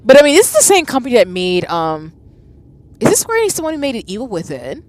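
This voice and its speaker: A woman in her thirties streaming a game live, reacting with loud exclamations and chatting with her viewers. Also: on the high side, huge pitch swings, fast, dry recording. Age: 30s.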